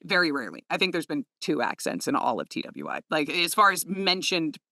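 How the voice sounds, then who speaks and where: A woman's voice: deep voice, very animated, brisk, pushed and bright, dry recording, studio quality. A woman audiobook narrator hosting a casual chat, laughing often and slipping into quoted speech.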